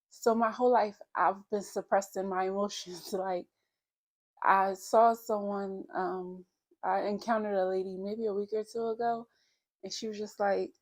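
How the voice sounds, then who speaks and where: Speaking at medium pitch, unhurried and with fairly even intonation, this thirtysomething woman vlogs about her emotions. She's candid and thoughtful as she opens up.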